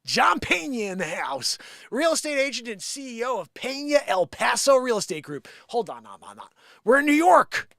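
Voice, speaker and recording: A man hosting a live comedy stream, reading an article aloud and cutting in with sarcastic, mocking jabs. His voice sits high and leaps all over the place. The sound is dry and close. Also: wildly swooping pitch, moderate pace, vocal fry, a bit bright, dry recording.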